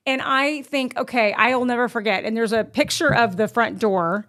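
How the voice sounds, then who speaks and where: A middle-aged woman telling a true story in casual chat, animated and acting out her own past lines. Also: a little high, normal speed. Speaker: guest storyteller.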